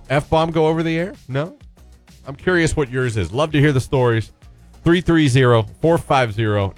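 A man hosting a casual radio talk show, telling a self-deprecating story and inviting listeners to call in. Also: mid-range voice.

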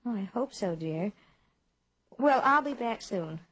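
A woman playing a gentle, caring young stepmother in a 1940s radio drama, speaking softly and earnestly. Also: on the high side, animated, measured pace, slightly rough, exaggerated voice, low-quality recording. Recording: old radio transcription.

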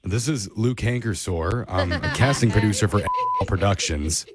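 A man hosting a morning radio show, making a prank call as a deadpan fake producer. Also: lowish voice, moderate pace, very noisy.

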